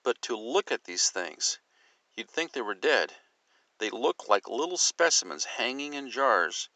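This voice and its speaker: A man reading an account aloud and then musing on it, in a measured, speculative storytelling manner. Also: mid-range voice, sing-song, bright, forceful tone, no echo.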